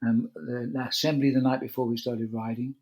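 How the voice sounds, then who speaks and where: A man's voice: medium pitch, little pitch movement, fairly quick, darkish tone, rough recording. An older man, a veteran cycling commentator, telling a long anecdote in a chatty way on a video call and acting out the quoted lines. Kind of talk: relaxed anecdotal storytelling.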